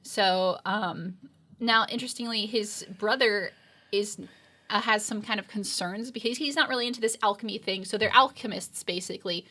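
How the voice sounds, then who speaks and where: A woman's voice: mid-range voice, moderate pace, sharp tone. A woman co-hosting an anime reaction show, recapping episodes in a rambling, filler-heavy casual chat.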